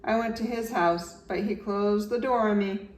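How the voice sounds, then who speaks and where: A man's voice: steady tone, normal speed, lightly acted. Franklin, a woman doing an earnest young turtle boy. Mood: sad. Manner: pleading, higher and brighter than the narration. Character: young male turtle, eager, earnest, worried. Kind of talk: children's storybook read-aloud. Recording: roomy echo, slightly distant mic, faint background noise.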